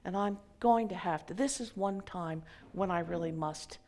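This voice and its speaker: A man's voice: sits high, moderate pace, darkish tone. A woman voicing a young man trained in martial arts, earnest and determined. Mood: resolute.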